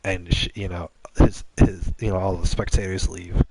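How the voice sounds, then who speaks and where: A man's voice: low voice, flat delivery, moderate pace, background noise. A man hosting a gaming channel, making up a long story on the spot, rambling with many restarts.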